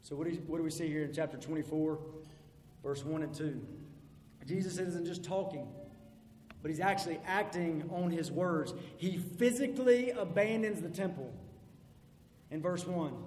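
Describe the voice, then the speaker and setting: A man preaching an expository sermon, emphatic, building to loud peaks and then dropping low. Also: a little hiss or hum. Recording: echoey hall with long reverb, faint ambience.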